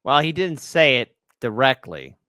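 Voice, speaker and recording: A male show host riffing playfully on the news and giving shout-outs to fans. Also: mid-range voice, very animated, a little slow, very noisy. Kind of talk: casual political commentary.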